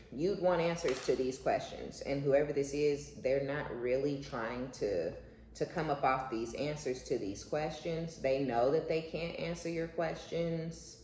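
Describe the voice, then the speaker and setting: A woman's voice: low-pitched, unhurried, darkish tone, roomy sound, slight background noise, low-quality recording. A woman giving a casual spiritual reading, blunt and profane, piling up repeated words for emphasis. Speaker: intuitive reader.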